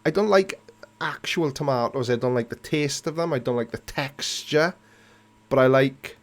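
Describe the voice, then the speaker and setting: A man hosting a casual live chat with viewers, answering their comments playfully and pulling mock disgust. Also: medium pitch. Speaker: livestream host.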